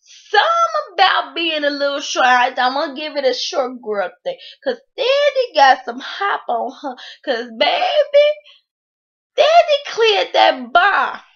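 A woman hosting a recap of a reality show, telling it in an excitable, slangy way and acting out what people said. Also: high-pitched, measured pace, gravelly, muffled recording. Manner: excitable storytelling, slangy, acts out quotes.

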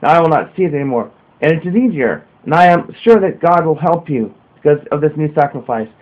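A man's voice: fairly high pitch, animated, brisk, natural voice. An eager, devout young boy pleads in a raised, lifted voice, as a man puts him on. He sounds earnest and insistent. The sound is thin and phone-like.

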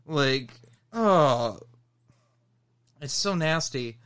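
A man co-hosting a casual podcast, telling an animated story and laughing as he goes. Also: fairly high pitch, very slow, clear, resonant tone. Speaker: podcast co-host.

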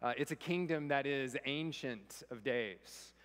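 A man's voice: mid-range voice, measured pace, fairly bright tone, big-room sound. An American man preaching a sermon, mixing humorous personal stories with scripture. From United States. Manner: storytelling, self-deprecating humor. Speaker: pastor. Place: church sanctuary.

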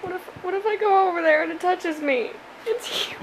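A woman's voice: extremely high pitch, brisk, hardly any pauses. A young woman filming herself with a phone in her bedroom, panicking and laughing nervously as she talks. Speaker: vlogger. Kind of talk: casual phone video. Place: bedroom at night. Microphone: phone camera. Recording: noisy home phone recording.

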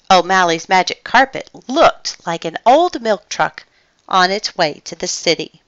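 A woman reading a children's picture book aloud with expressive storytelling. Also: mid-range voice, measured pace, smooth, no room sound, lo-fi sound.

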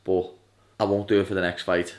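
A young man with a Scouse accent, chatting casually in a vlog, loud and swearing, saying "lad" every few words. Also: low-pitched, flat delivery, a little fast. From Liverpool, England. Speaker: fighter vlogging.

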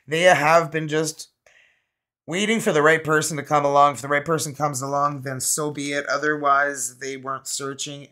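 A woman's voice: sits low, fairly bright tone. A Canadian woman giving a casual, rambling tarot reading to camera, with lots of fillers and laughter. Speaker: tarot reader.

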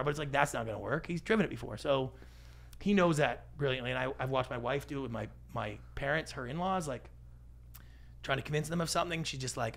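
Middle-aged man with a gravelly voice. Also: medium pitch, quick pace. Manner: animated, acts out quoted voices. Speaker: guest, pitch expert. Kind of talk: podcast interview.

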